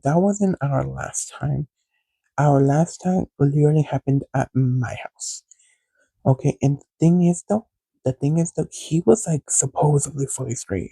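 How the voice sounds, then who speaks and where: Male host, frank rambling storyteller; very dark, husky voice, dry close sound. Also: medium pitch, no echo, rough recording. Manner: candid, rambling, addresses listeners directly. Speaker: podcast host. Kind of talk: casual storytelling.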